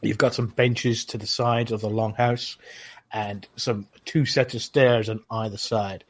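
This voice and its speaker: A man's voice: fairly low pitch, steady tone, measured pace. A man narrating as game master for a tabletop role-playing game, hesitating often with fillers.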